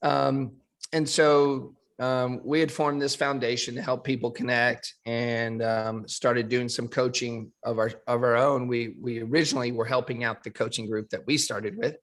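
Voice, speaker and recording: Man, mid-pitched voice, interview guest, measured, pausing often. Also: little pitch movement, fairly bright tone. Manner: measured, with many fillers and restarts. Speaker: dentist and foundation guest.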